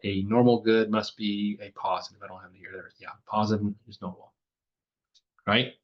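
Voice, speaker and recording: A man's voice: fairly low pitch, steady tone, moderate pace. Older guy lecturing econ, rambly and self-deprecating, muffled lo-fi sound. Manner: chatty, self-deprecating, working examples aloud. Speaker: economics teacher. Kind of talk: recorded classroom lecture. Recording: dull lo-fi lecture recording.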